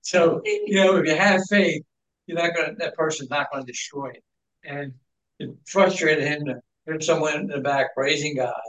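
A man's voice: fairly high pitch, moderate pace, a bit bright. A man in a Bible class telling a rambling anecdote to the group. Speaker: class participant. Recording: echoey, distant room sound.

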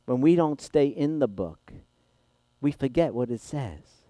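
A man preaching a sermon as pastor, with dynamic delivery that swings from hushed, intimate passages to loud, impassioned ones. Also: medium pitch, animated, unhurried, no echo.

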